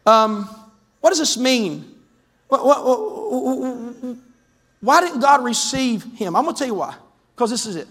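A man preaching a lively, conversational sermon as pastor, breaking into sudden shouts. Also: extremely high pitch, normal speed, in a large hall. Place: church sanctuary.

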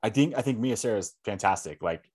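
A young man co-hosting a casual film review chat, relaxed and rambling, with many fillers. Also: fairly low pitch, fast, slightly rough.

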